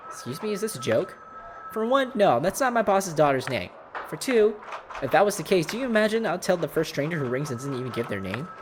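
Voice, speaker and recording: A man's voice: a little high, sing-song, a little fast, background noise. A man voicing a curt, indignant young female law office receptionist in a video game. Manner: sharp, impatient and dismissive.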